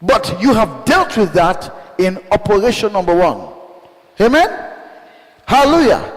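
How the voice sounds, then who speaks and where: High-voiced fiery preacher in a hall. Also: male voice. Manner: call-and-response, shouting bursts, rhetorical questions. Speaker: bishop preaching. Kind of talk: fiery sermon. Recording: long hall reverb.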